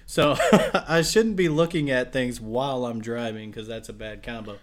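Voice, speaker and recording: A man's voice: mid-range voice, normal speed. A man co-hosting a casual podcast, telling stories full of swearing and laughter. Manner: profane, laughing storyteller. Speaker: podcast co-host.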